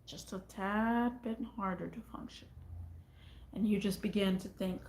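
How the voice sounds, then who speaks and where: A woman's voice: medium pitch, a little slow, darkish tone. A woman vlogger talking casually to her viewers in a rambling way, often repeating her phrases. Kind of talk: casual talk to camera. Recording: echoey room.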